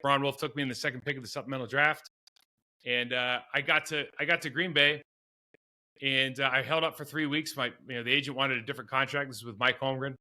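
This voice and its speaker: Talking fast in a mid-range voice with flat delivery that still comes across very bright and forceful, a middle-aged ex-pro footballer shares stories as a podcast guest. His telling rambles, full of restarts, self-mocking laughs and wandering asides.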